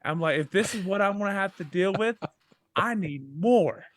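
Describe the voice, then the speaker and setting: A man's voice: high voice, moderate pace, no room sound. Joking man, dry close sound. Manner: joking, animated storytelling about drinking. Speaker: podcast co-host. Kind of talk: casual chat.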